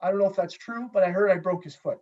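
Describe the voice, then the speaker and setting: A man's voice: sits high, fast talker. Profane man telling a story. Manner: animated, profane, acts out dialogue. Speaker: podcast guest, former hockey goalie. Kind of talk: casual storytelling. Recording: slightly distant, dull lo-fi sound.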